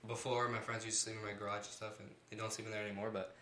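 A man's voice: lowish voice, level tone, racing, sharp tone. A young man, a musician guest, chatting casually and rambling on a podcast, laughing often. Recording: echoey room, faint noise.

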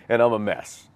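In a fairly low-pitched voice recorded without room sound, a guest relates a tough stretch of his life as testimony. He's earnest and self-mocking, retelling it vividly and laughing ruefully.

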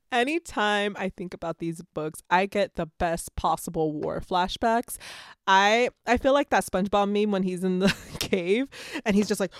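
A woman hosts a casual podcast, cursing freely and giggling as she chats about a book and reads passages from it. Her mid-range voice is clear and resonant, recorded at studio quality without echo.

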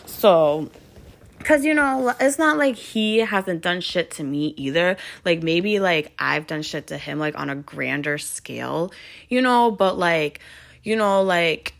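A woman with a low, dusky voice talking straight through an unscripted monologue. She rambles, crams in filler words and swears freely, with an exasperated edge and plenty of rhetorical questions. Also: animated, slow, gravelly. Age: adult with children. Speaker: vlogger venting about her partner.

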